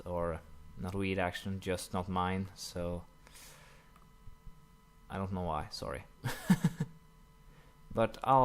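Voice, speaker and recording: A young man commenting casually while playing a strategy game, rambling with many fillers and quick apologetic asides. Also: sits low, clean tone. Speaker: gaming commentator. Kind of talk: casual let's-play commentary.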